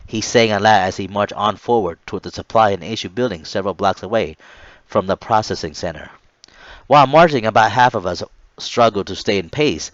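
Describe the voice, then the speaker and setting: Low-voiced man reading his memoir aloud. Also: dry recording, lo-fi sound. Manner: earnest reading with small stumbles and restarts.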